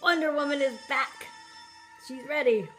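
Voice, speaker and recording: A woman's voice: high voice, normal speed, fairly bright tone, faint music behind. A woman vlogger hosting a playful fan video, giggling often between lines.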